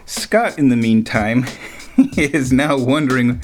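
A man telling a personal story in a relaxed way, chuckling often between lines. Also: medium pitch, slow, faint music behind. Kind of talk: storytelling anecdote.

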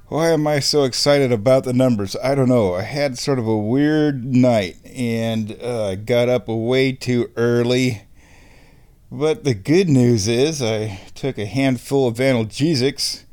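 A man hosting a comedy show, talking in a drawn-out, deadpan, mock-dramatic ramble. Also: medium pitch, clean tone. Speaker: host.

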